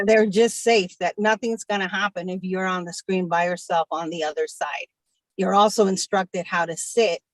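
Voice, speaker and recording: A woman hypnotist talking in a casual panel chat, halting, with many fillers. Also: lowish voice, dry recording, rough recording.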